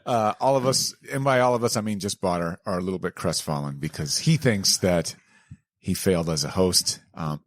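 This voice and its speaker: A man's voice: sits low, normal speed, no room sound. A man co-hosting a comic book podcast, teasing his friends with sarcastic, profane banter. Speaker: podcast co-host. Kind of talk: casual chat.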